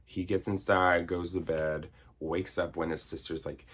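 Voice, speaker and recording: A man's voice: sits low, little pitch movement, unhurried, fairly bright tone. A man in his thirties giving a sarcastic, exasperated comedic movie review rant, swearing and mimicking characters. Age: 30s. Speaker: video essayist.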